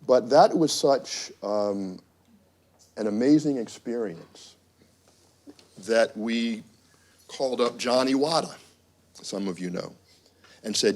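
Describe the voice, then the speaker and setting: A man's voice: on the low side, unhurried, long pauses. Man telling a wry story as dean. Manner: storytelling, wry asides, animated quotes. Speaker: university dean. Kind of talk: symposium speech with anecdotes. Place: conference room.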